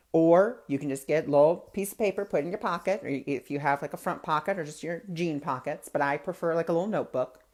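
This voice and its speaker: A man's voice: a little high, darkish tone. Male host, spiritual talk, chatty and anecdotal, conversational delivery. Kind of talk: casual spiritual teaching talk.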